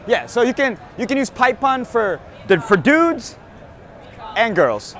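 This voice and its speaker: A man's voice: very high-pitched, sing-song, a little slow, fairly bright tone. A hungover man hosting a crude comedy podcast on a city street at night, talking in a loose, brash, joking way. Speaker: podcast host. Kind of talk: crude casual comedy chat. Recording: outdoor street with faint traffic.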